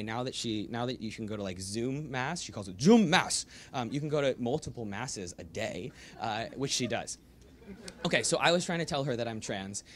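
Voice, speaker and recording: Give me a young man telling a personal story to an audience, lively and animated, with a mid-pitched voice. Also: slight background noise. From United States. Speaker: author giving a book talk. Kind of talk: storytelling talk to a live audience. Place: bookstore event room.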